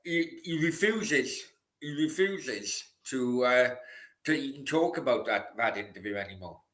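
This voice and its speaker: A man hosting a football watchalong in a relaxed, chatty way, signing off to viewers. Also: medium pitch, unhurried. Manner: relaxed, chatty, laughing often. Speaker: host. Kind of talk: casual chat. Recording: roomy echo.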